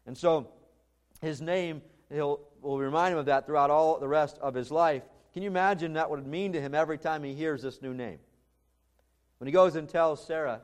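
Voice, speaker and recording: A man's voice: on the high side, a little fast. Earnest man preaching a sermon. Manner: earnest, emphatic preaching with restarts. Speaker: pastor.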